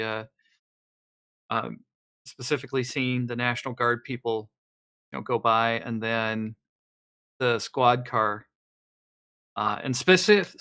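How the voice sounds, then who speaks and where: Bright-voiced man describing his game character. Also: medium pitch, vocal fry. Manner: halting, many fillers and restarts. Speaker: player.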